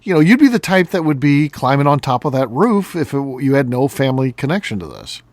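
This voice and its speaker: A man's voice: mid-range voice, sing-song, fairly quick, no echo. A man hosting a casual podcast chat, making short teasing remarks. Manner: teasing interjections. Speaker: podcast host.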